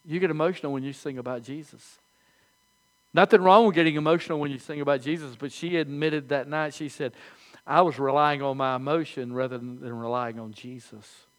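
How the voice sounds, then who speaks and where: An older man preaching a sermon as pastor, telling folksy stories with animated, halting restarts. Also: fairly high pitch.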